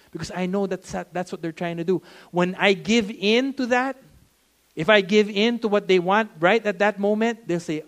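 A middle-aged man with a Filipino accent preaching a sermon as a pastor, switching between English and Tagalog in a conversational way and acting out quick voices. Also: high voice.

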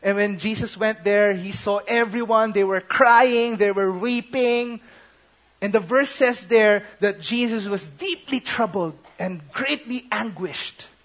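A young Filipino man preaching a sermon, mixing English and Tagalog and swinging between loud outbursts and hushed, intimate tones. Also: high-pitched, measured pace. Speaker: pastor.

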